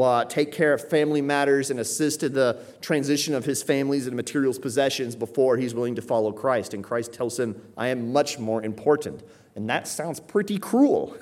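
A man's voice: medium pitch, darkish tone. A man preaching a sermon, explaining scripture in a teaching manner with frequent rhetorical "right?" asides. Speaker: pastor.

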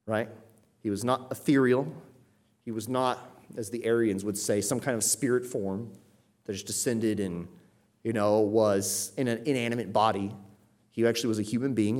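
A man preaching a sermon at a middle pitch, talking through scripture in a relaxed, conversational manner. He turns emphatic when he reads passages aloud, and he drops in casual asides along the way. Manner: conversational asides with light laughter.

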